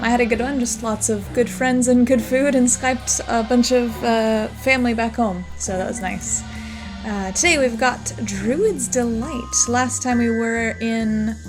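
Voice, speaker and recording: A woman's voice: on the high side, poor audio. A woman hosting a gameplay video, chatting casually and laughing often as she plays. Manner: chatty, laughs often, reads dialogue aloud. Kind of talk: casual let's play commentary and reading game text. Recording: background music under voice.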